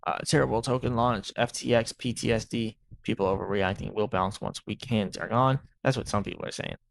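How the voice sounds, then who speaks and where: A man's voice: medium pitch, gravelly, dry recording. A man hosting a crypto channel, talking through market moves in a rambling, casual way and often tossing in "right?".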